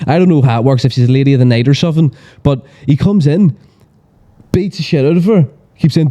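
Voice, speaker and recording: Male podcast guest, very dark mellow tone, casual, sweary, rambling. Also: on the high side, brisk. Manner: sweary, rambling storyteller full of fillers. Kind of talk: casual chat.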